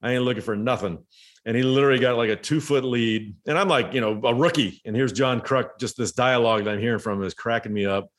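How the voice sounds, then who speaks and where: A middle-aged former baseball player telling relaxed anecdotes in casual conversation. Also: male voice, medium pitch, fast, few pauses. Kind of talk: casual storytelling.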